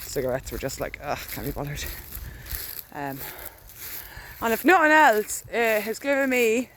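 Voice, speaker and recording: A woman's voice: mid-range voice, big pitch swings, measured pace, a bit bright, slight background noise. Irish woman, candid rambling vlogger on a field walk, faint rural air behind. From Ireland. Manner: chatty, candid, walks while talking. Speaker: dog walker vlogging. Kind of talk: casual rambling diary vlog.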